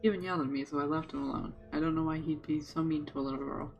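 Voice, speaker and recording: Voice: mid-range voice, fairly even intonation, rapid-fire, gravelly, lo-fi sound, soft background music, lightly acted. A streamer reading a young girl's diary entries aloud in a light, earnest voice. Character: young girl, timid diary narrator.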